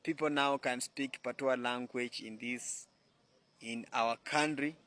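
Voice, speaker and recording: A man from Kenya, talking casually to the camera in a halting, affectionate way. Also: medium pitch, fairly even intonation, pushed and bright. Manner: halting, restarts words, affectionate. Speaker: social media commenter. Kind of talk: casual direct-to-camera talk.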